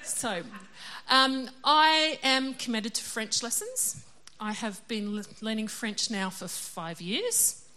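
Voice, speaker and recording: Bright chatty woman preaching. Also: fairly high pitch, expressive, takes it slowly. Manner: chatty, self-deprecating, laughs often. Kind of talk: casual sermon.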